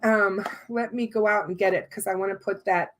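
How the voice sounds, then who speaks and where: A woman hosts a casual livestream, her voice strained and worn from a long night of talking. She chats on easily and fills her pauses with ums. Her pitch sits in an ordinary middle range. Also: steady tone. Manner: chatty, warm thanks, many fillers. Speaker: livestream host.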